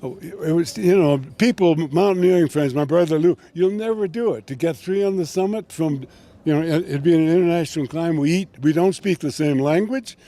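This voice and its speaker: An older man telling a long story as an interview guest, rambling and animated, restarting his sentences often. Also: on the high side, moderate pace.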